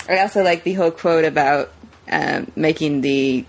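Upbeat breathy woman, unhurried. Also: fairly low pitch, a little mellow. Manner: upbeat, laughing along. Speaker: podcast co-host. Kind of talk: casual chat.

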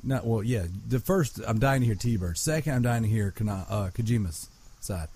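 A man co-hosting a podcast, chatting casually and excitably with lots of fillers. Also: on the low side, normal speed, slightly rough. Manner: excitable, uses filler words like 'like'. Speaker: podcast co-host. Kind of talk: casual chat.

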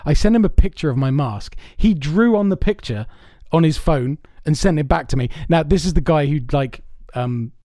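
Guy podcast host, slightly high voice, dry close sound, rambly and sweary. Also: lively intonation, moderate pace, hardly any pauses, dark tone, no room sound. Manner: rambling, sweary, self-amused storytelling. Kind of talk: casual chat.

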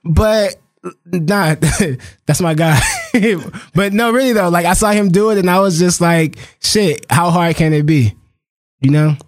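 A man's voice: high-pitched, a little slow, dry recording. A man co-hosting a casual podcast, laid-back and slangy, breaking into laughter often. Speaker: podcast co-host.

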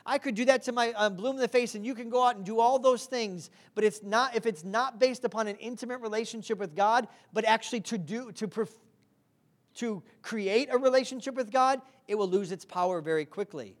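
A woman's voice: a little high, brisk. A woman preaching a sermon, earnest and direct, who often asks the congregation to respond.

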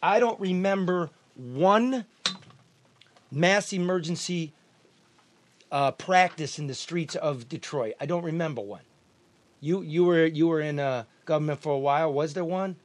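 A man from the US Midwest hosting a podcast, talking loudly and profanely, joking and restarting sentences a lot. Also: a little high, a little slow. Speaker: podcast host. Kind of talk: casual chat.

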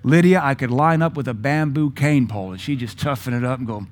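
A man's voice: medium pitch, fairly quick, a little hiss or hum. A man in his thirties preaching a sermon in a blunt, folksy way, acting out his children's voices. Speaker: pastor.

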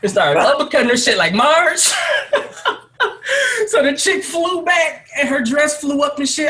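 A man co-hosting a casual podcast, telling wild stories in an animated way and laughing through them. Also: very high voice, a little slow, long pauses. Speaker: podcast co-host.

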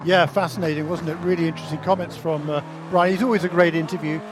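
Higher-voiced race commentator with engine noise. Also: male voice, flat delivery, quick pace. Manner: reflective, chatty analysis. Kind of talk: broadcast commentary. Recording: race car noise behind.

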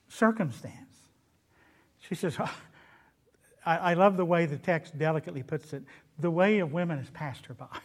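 A man with a Southern US accent preaching a sermon in church, animated, swinging between loud emphatic lines and quiet ones. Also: sits high. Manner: animated, rises and drops in loudness, quotes scripture in character. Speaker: pastor.

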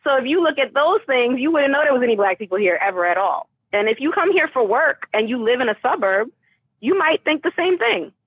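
A Boston teacher talks casually over a tinny phone line, her high, husky voice brisk and animated. She's chatty and emphatic, often restarting her sentences, and there's no room sound on the call audio.

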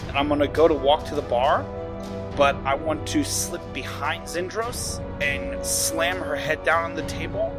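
A man's voice: on the high side, a little slow, music in the background. A man playing a tabletop game, brash and theatrical as he describes his moves. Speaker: player. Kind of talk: casual tabletop play.

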